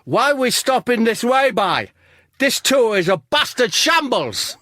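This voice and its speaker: A man voicing a cranky, pompous male tour passenger who complains in a squeaky, affronted voice. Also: very animated, unhurried, pushed and bright, no room sound, clean studio sound, exaggerated voice. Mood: indignant.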